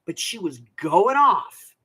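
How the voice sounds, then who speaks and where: A woman's voice: mid-range voice, very animated, slow, bright, forceful tone, husky. An older woman hosting a craft channel, telling a rambling, chatty story with many asides. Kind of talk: casual storytelling vlog.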